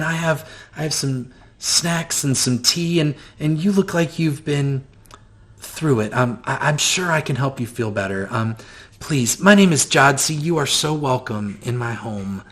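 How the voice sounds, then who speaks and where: A cheerful old grandmother healer speaks softly and slowly, as a man puts her on. Her talk is gentle. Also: medium pitch, lightly acted. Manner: warm, soft-spoken.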